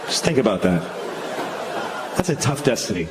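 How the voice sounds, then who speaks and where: A man's voice: on the low side, sing-song, normal speed, heavy background noise. A male stand-up comedian from Boston, talking in a dry, conversational, self-mocking way on a club stage. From Boston, USA. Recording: echoey club with crowd laughter.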